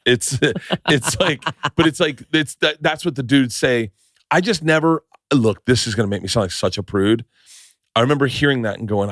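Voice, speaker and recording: A man's voice: medium pitch, no room sound, clean studio sound. A man hosting a podcast, trading loose and profane stories in casual chat. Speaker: podcast host.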